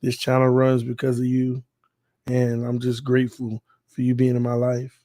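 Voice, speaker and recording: A man's voice: medium pitch, completely flat delivery, normal speed, mellow, no echo. Dry-sounding heartfelt man hosting a live stream. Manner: heartfelt, talkative, playful. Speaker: channel host. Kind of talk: casual live stream chat.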